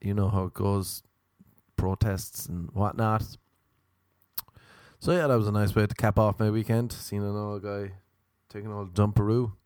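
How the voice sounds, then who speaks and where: A man from Ireland doing a crude, comedic monologue as a podcast host, storytelling with big animated swings. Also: on the low side, moderate pace, dry recording.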